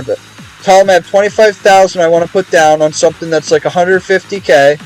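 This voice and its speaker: A man's voice: high-pitched, poor audio. A young man streaming a game, chatting casually in a rambling, profane way with many restarts. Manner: rambling, profane, repeats words.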